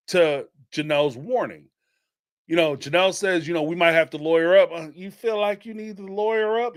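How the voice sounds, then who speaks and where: A man's voice: a little high, a bit bright, dry recording, clean studio sound. Chatty man hosting a recap stream. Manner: rambling, chatty, lots of fillers and laughter. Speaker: reality TV recap host. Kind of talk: casual live-stream commentary.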